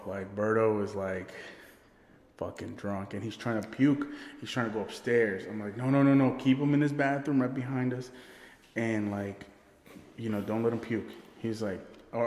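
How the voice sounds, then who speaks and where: A man's voice: fairly low pitch, normal speed, a little mellow. A man co-hosting a podcast, telling a rowdy party story with cursing, laughter and quoted voices. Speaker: podcast co-host. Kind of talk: casual storytelling chat. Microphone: podcast microphone. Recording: echoey room with long reverb.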